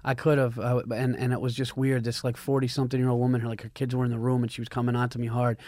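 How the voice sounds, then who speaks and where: A man hosting a casual podcast chat, telling his own stories quickly, swearing, and restarting his sentences. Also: medium pitch, completely flat delivery, a little mellow, no room sound, clean studio sound. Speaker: podcast host.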